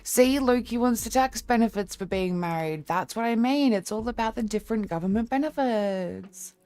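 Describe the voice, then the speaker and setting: A woman streamer chatting casually with her viewers, blunt and candid, with a lower-toned voice and a quick laugh. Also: dark tone, smooth, faint music behind. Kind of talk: casual live-stream chat.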